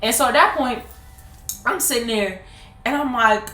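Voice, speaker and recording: A woman in her twenties telling a personal story to her viewers in a casual, animated way, laughing often. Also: on the high side, normal speed, pauses often. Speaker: vlogger. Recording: roomy echo.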